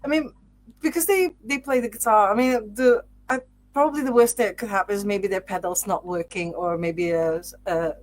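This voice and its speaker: A woman's voice: mid-range voice, moderate pace. A woman hosting a podcast who asks her guest questions in a rambling way, often searching for words. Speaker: podcast host. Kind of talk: casual interview chat.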